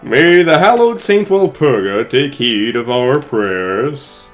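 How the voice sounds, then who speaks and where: Brief: solemn small-town priest addressing his flock, played by a let's player, lively pitch, faint game music under it. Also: takes it slowly. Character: pompous male village priest leading mass. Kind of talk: let's play voice acting.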